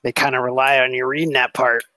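A man's voice: medium pitch, little pitch movement, fast, sharp tone, no echo, low-quality recording. A man running a tabletop game as game master, talking in a laid-back, casual way with some swearing.

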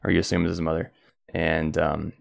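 A man's voice: rumbling low, flat delivery, fairly quick, creaky. A man narrating as game master at home, rambling with lots of fillers.

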